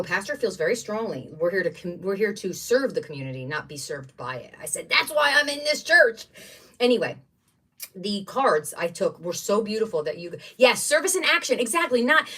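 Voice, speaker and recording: A middle-aged woman hosting a craft livestream, chatting in a rambling, excitable way while she unpacks supplies at home. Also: mid-range voice, distant mic. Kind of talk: casual chat while unboxing craft supplies.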